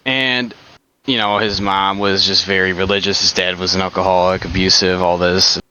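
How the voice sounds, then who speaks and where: A man's voice: sits low, little pitch movement, moderate pace, pushed and bright. A man co-hosting a casual podcast, talking hesitantly with many fillers and restarts. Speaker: podcast co-host. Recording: dull lo-fi mic with faint hiss.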